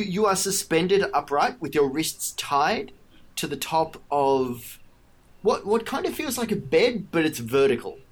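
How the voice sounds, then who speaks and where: A man running a tabletop game, describing scenes and calling for dice rolls. His voice sits a bit high and moves around a lot in pitch, and he stumbles and restarts as he narrates. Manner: hesitant, with many restarts and fillers. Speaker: game master.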